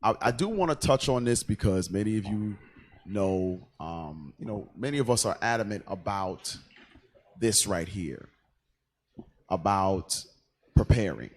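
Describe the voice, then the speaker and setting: A man's voice: on the low side, expressive, unhurried. A man hosting an online radio show, talking casually with stop-start phrasing and earnest asides. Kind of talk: casual livestream chat.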